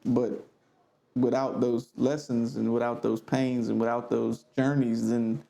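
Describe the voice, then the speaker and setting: A man hosting a podcast speaks reflectively and stops often for fillers. His voice has a gravelly rasp and a dark, relaxed tone. The talk is loose and casual. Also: medium pitch, unhurried. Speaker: podcast host. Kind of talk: casual conversation.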